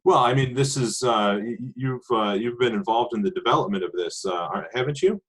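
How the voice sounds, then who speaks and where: A man playing in a tabletop game, talking haltingly with many fillers. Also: medium pitch, a bit bright, husky. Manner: halting, lots of uh and um. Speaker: player. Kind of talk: casual role-play chat.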